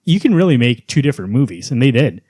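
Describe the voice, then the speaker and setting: This man co-hosts a podcast, rattling off animated, quick talk about comic book movies and acting out quotes. His mid-range voice is slightly rough, recorded at studio quality with no echo.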